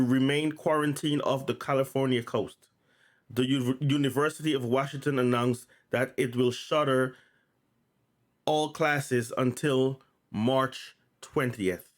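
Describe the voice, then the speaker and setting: A man hosting his own channel, reading news notes aloud in a casual way and often stuttering, repeating and restarting words. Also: mid-range voice. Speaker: channel host.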